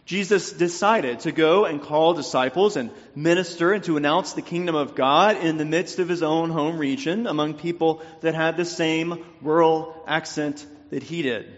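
A man from North Louisiana with a faint Southern accent, preaching a sermon in a measured, deliberate way with pauses. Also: on the high side. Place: church sanctuary. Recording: dull sound with long reverb in a church.

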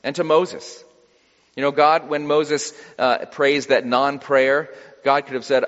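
A man preaching a sermon in a relaxed, conversational way, with wry humor. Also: mid-range voice, slow. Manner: conversational, acts out quoted voices with wry humor. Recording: dull sound with long hall reverb.

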